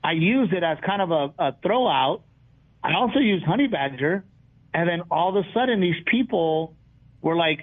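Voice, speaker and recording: A man, a comedian guest in a casual interview, telling lively stories and acting out what people said. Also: on the high side, normal speed. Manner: animated storyteller, acts out quotes. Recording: tinny phone-like line.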